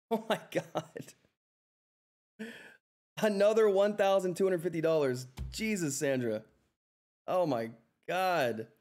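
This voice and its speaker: Excitable, fairly high-voiced male stream host. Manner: excitable, effusive, repeats himself, says "all right?" often. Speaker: livestream stock trading host. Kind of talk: live market commentary and chat.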